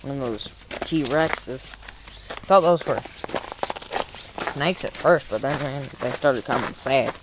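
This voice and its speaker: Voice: medium pitch, slow, long pauses, background noise. A vlogger rambling and joking in a goofy way while filming outdoors in snowy countryside on a handheld camera. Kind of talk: casual outdoor vlog.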